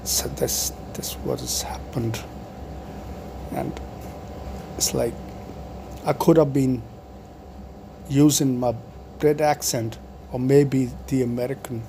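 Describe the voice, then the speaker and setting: A man's voice: medium pitch, fairly even intonation, slow pace, long pauses, background noise. A man in his forties, talking to camera in a meandering monologue full of fillers and restarts. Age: 40s. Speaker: video blogger.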